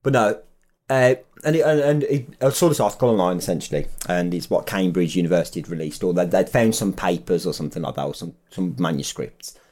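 A young podcast co-host chats casually and spins anecdotes, laughing as he goes. His voice is deep and a little mellow, and he talks fast in an easygoing way.

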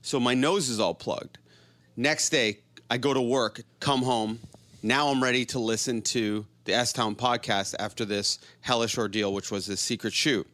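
A man telling a story in a casual, animated, profane way, often laughing as he goes. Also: medium pitch, normal speed, dry recording. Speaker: podcast host telling a story.

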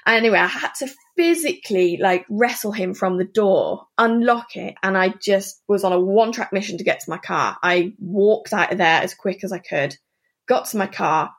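Interview guest: woman, earnest, halting storyteller, mid-pitched. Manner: earnest, halting, full of asides. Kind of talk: candid personal storytelling.

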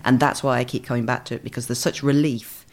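A woman writer talking as a podcast guest in a lively way, acting out quoted voices. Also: a bass voice, fast talker, slight background noise. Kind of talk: animated podcast chat.

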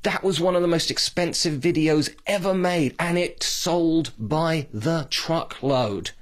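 A man's voice: fairly high pitch, measured pace. British guy riffing on his podcast, chatty and wandering, strong opinions. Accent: British English. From Britain. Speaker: podcast host. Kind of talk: casual podcast monologue.

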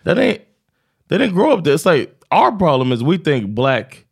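A man's voice: fairly high pitch, moderate pace, creaky, husky. An American man in his thirties, co-hosting a podcast in casual chat and telling stories with acted-out quotes. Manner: animated storytelling, acts out quotes. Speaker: podcast co-host.

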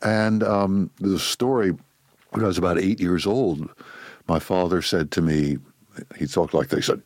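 An older man, a physician, talking slowly and thoughtfully in an interview, with frequent restarts. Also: deep voice, steady tone, a little mellow, no echo, studio quality. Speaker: physician guest. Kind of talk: reflective interview talk.

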